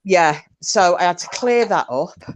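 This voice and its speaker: A woman's voice: fairly low pitch, expressive, normal speed. A woman joining a live stream chat, telling an everyday story in a chatty, exasperated way. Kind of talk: casual storytelling.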